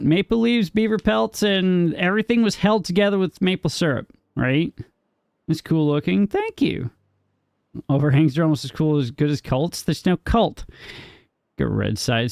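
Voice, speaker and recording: A man's voice: medium pitch, creaky, clean tone, no echo, studio quality. A man streaming a game live, joking playfully with his chat, answering viewers by name and laughing often.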